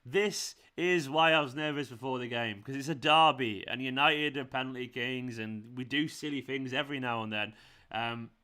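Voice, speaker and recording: A man hosting a live football watchalong, reacting with exasperation, swearing and shouting at the players. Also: mid-range voice, normal speed, clear, resonant tone. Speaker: fan channel host.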